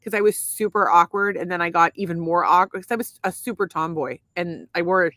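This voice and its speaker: A woman's voice: lowish voice, a little fast, fairly bright tone, dry recording. A woman from Massachusetts co-hosting a casual comedy podcast, rambling and laughing often. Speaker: podcast co-host.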